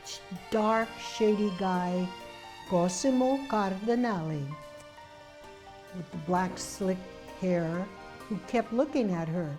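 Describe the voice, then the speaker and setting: An older woman and memoir author telling her family's story in an animated way, acting out the people she quotes. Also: medium pitch, takes it slowly, faint music behind. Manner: animated, acts out quoted voices. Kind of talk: personal storytelling.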